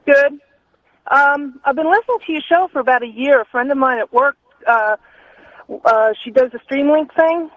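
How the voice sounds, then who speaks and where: A woman's voice: sits high, normal speed, no echo. A woman from North Carolina calling into a radio show and telling a ghost story in a chatty way. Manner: chatty storyteller, laughs easily. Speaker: caller. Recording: phone line.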